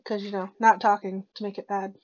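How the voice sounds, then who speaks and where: A woman's voice: mid-range voice, little pitch movement, brisk, no echo, highs cut off. A woman player in a tabletop role-playing game who has hiccups, describing her character's actions in a playful, joking way.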